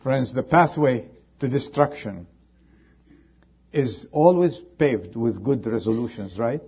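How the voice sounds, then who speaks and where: Husky preacher, loud then hushed. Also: male voice, medium pitch, expressive, takes it slowly, lo-fi sound. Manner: swings between loud pleading and hushed warnings. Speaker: pastor. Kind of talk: sermon.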